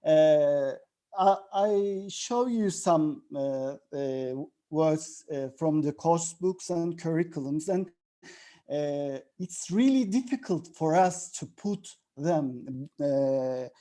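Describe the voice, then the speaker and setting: Slow, halting man on a panel. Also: on the high side, animated, mellow. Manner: halting, many filler sounds. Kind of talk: panel discussion.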